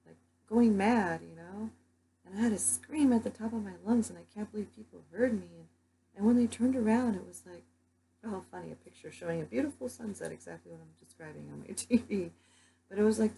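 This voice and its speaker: A woman's voice: medium pitch, gravelly, a little hiss or hum, rough recording. A young woman telling her dreams in a casual vlog, rambling with lots of "like" fillers. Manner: rambling, many "like" fillers, soft-spoken. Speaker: vlogger.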